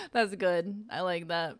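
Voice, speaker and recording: A woman streams live in an easygoing, chatty voice. She swears freely and plays around while sounding out words from packaging. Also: on the low side. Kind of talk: casual live-stream chat.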